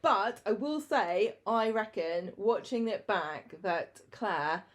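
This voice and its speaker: A woman in a mid-range voice, chatting easily on a podcast. She retells stories with enthusiasm, pausing with small hesitations as she gathers her thoughts. Her delivery is conversational and natural. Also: mid-range voice. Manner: storytelling, lively recap with hesitations. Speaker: podcast co-host. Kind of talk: casual chat.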